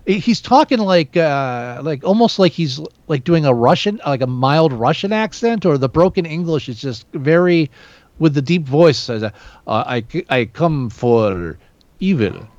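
A high, lively male voice rambles through a casual film review, stumbling and restarting as he goes. The sound is dry and a little muffled, like a lo-fi podcast mic. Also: normal speed, no echo. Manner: rambling, many restarts, animated. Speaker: podcast co-host. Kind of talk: casual movie review chat.

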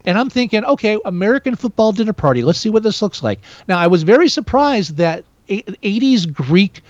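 A high, lively male voice rambles through a casual film review, stumbling and restarting as he goes. The sound is dry and a little muffled, like a lo-fi podcast mic. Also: fairly quick, no echo. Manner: rambling, many restarts, animated. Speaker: podcast co-host. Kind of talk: casual movie review chat.

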